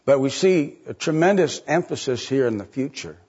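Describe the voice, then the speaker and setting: A middle-aged man preaching a sermon in a conversational way, asking rhetorical questions and jumping up in pitch to stress a point. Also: lively intonation, moderate pace, darkish tone, slightly rough, lo-fi sound. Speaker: pastor.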